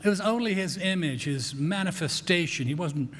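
A man preaching a sermon in a relaxed, folksy way, often repeating words as he talks. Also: high voice, moderate pace. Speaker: pastor. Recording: echoey hall.

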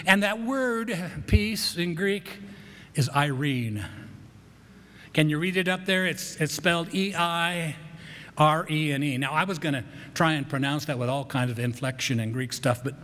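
Man, pastor, sermon, folksy and chatty, slightly high voice, echoey church hall. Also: a bit bright. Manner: folksy, conversational preaching with repeated words and light humor.

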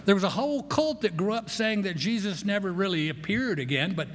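Man, pastor, sermon, folksy and chatty, slightly high voice, echoey church hall. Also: animated, brisk. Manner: folksy, conversational preaching with repeated words and light humor.

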